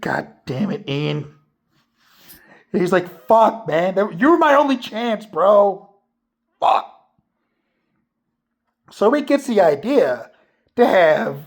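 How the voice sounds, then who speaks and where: A man's voice: a little high, creaky. A man giving a casual, spoilery movie review, rambling and swearing freely with lots of fillers.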